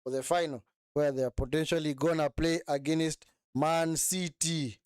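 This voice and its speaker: Young male streamer, slightly high, smooth clear voice, dry close sound, rambling and self-correcting. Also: steady tone, moderate pace, darkish tone, dry recording. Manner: chatty, repetitive, self-correcting. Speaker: live stream host. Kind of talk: casual live watch-along commentary.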